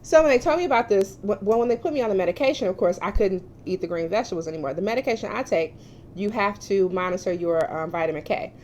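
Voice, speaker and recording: A woman's voice: mid-range voice, quick pace, a little mellow, slight background noise. A woman in her forties talking candidly to her viewers in a casual personal vlog, confiding and open. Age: 40s. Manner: candid and confiding, addressing viewers as "you guys". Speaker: mukbang vlogger.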